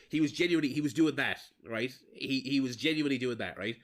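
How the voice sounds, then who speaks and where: A man's voice: medium pitch, fast. A man from Limerick with an Irish accent, chatting casually while livestreaming a game, rambling, swearing freely and stumbling over restarts. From Limerick, Ireland. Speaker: streamer.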